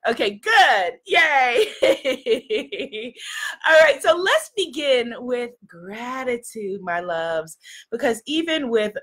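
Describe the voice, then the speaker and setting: A woman hosting a live-streamed self-love sermon from home, chatting with viewers by name, laughing often, then slowing into a soft guided prayer. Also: on the high side, sing-song, breathy edge. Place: at home, seated in a blanket. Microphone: webcam or phone, seated at home.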